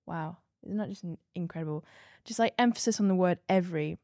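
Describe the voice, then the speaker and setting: A woman sharing earnest, reflective thoughts in a casual devotional discussion, often drifting softer. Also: fairly low pitch, a little fast, no room sound, studio quality. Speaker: Bible discussion participant.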